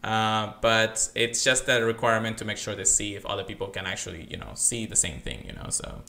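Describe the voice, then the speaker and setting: Bright-voiced chatty male podcaster. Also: lowish voice, brisk, creaky. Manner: chatty, rambling, many fillers and restarts; reads text aloud in a flat, careful way. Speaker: podcast co-host. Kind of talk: casual podcast chat.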